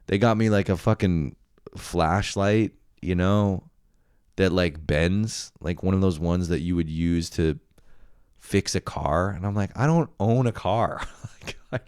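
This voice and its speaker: A young man with a very low voice hosts a solo comedy podcast. He rambles and swears, and he laughs at himself as he goes. The sound is dry and close to the mic. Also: unhurried, a little mellow, clean tone, no room sound. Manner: rambling, profane, self-mocking, laughs often. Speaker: podcast host.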